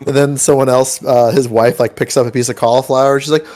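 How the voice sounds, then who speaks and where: A man talking casually with friends before a tabletop game, his voice sitting at an average pitch. He rambles through anecdotes, leaning on likes, ums and restarts. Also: level tone, quick pace, a little mellow. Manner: rambling storyteller, many likes and ums, acts out quoted voices.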